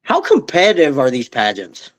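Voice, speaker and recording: A man's voice: medium pitch, huge pitch swings, normal speed. Male podcast host; friendly interviewer, short questions. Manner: friendly, laughs along, brief replies.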